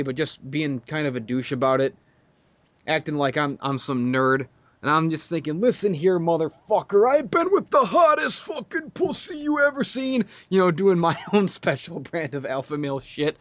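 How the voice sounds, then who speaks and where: Casting: man, raised pitch, crude swearing podcast storyteller, dry close sound. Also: a bit bright, no echo. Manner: profane, storytelling, laughs a lot. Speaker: podcast guest. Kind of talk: casual crude podcast chat.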